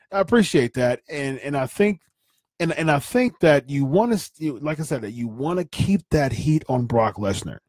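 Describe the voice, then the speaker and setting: A man's voice: on the high side, a little mellow, no room sound, studio quality. A man hosting a wrestling podcast, giving casual opinion commentary in an opinionated way, often repeating and restarting his phrases.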